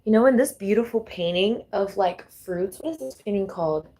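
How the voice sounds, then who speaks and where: A woman's voice: medium pitch, moderate pace, dark tone. A young adult woman doing a casual tarot reading vlog, talking straight to her viewers, swearing freely and laughing often. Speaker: tarot reader.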